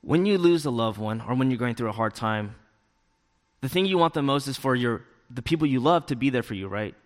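A young man tells a personal testimony at a church youth event in a relaxed, chatty way. He fills his talk with casual fillers and acts out his own inner thoughts as he goes. His voice sits at an ordinary pitch and rings out with a long hall echo. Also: a little fast.

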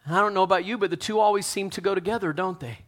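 A pastor preaching a sermon, talking straight to his congregation, swinging from loud fervent peaks to soft hushed lines. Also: sits high, very fast. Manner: talks straight to the congregation with questions.

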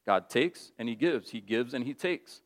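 A man's voice: mid-range voice, lively intonation, moderate pace. A man preaching a sermon in a casual, conversational way, telling stories with lots of animation. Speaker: pastor.

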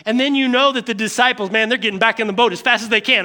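A man preaching with a high, bright, forceful voice. He tells the story in an animated way, acting out the scenes and moving between loud outbursts and hushed remarks. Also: quick pace. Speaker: pastor. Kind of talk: sermon.

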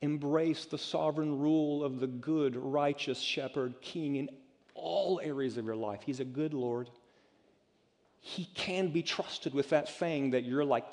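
A male pastor preaching a sermon, swinging from loud urgent calls down to hushed, near-whispered lines. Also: on the high side, measured pace. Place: church sanctuary. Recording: long hall reverb.

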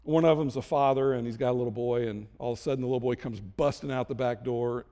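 A man's voice: medium pitch, fairly even intonation, quick pace, dark tone, long reverb tail. A middle-aged man preaching a sermon as a pastor, conversational and self-deprecating with jokes.

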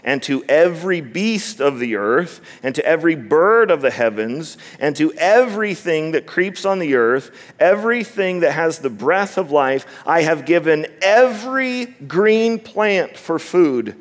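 A man preaching a sermon with emphasis, slowing down to stress key words and repeating himself as he builds a point. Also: fairly high pitch, lively intonation. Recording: long reverb of a large hall.

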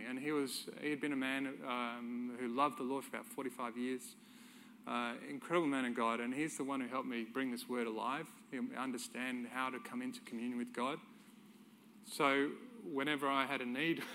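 A man's voice: medium pitch, bright, forceful tone, slight background noise. A middle-aged man, preaching a sermon by telling a personal story in a conversational way, chuckling now and then.

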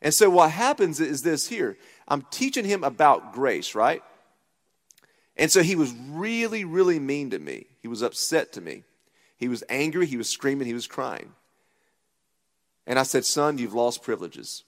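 A man's voice: a little high, very animated, moderate pace. A man in his thirties preaching a sermon from a church stage, emphatic, repeating his key points and checking in with the crowd. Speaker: pastor. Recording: long hall reverb.

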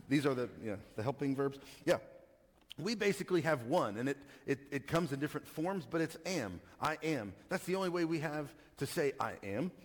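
A man from Texas, preaching a casual teaching sermon and asking the congregation questions. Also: on the high side. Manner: conversational teaching, asks the audience questions, frequent restarts. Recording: reverberant hall.

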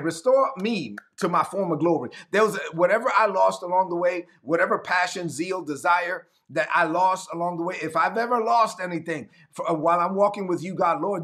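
Man preaching, kinda high voice, reads scripture, acts out the bible scenes, talks to the chat. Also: normal speed, few pauses, a bit bright. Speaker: pastor. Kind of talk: sermon.

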